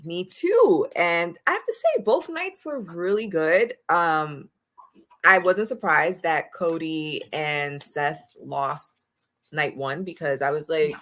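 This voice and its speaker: A woman with a notably low voice hosts a casual wrestling talk show. She talks bluntly and swears freely, pressing her opinions with energy. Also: expressive, takes it slowly, a bit bright. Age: adult, married. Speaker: podcast host.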